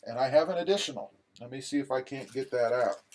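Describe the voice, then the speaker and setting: A man's voice: medium pitch, quick pace, darkish tone. A man hosting a live stream in a casual, joking way, reading viewer comments aloud. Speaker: livestream host reading chat.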